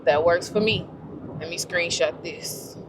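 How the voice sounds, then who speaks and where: A woman's voice: fairly low pitch, unhurried, heavy background noise. A woman chatting to her camera while she drives, talking to herself and laughing easily. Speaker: vlogger. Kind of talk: casual vlog chat. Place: in a car, driving.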